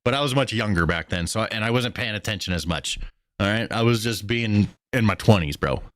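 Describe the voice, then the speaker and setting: A young man riffing on a live stream, excitable and slangy, swearing freely as he reacts. His pitch swings around a lot. The sound is dry and close. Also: brisk, no echo. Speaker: streamer host. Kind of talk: casual political commentary stream.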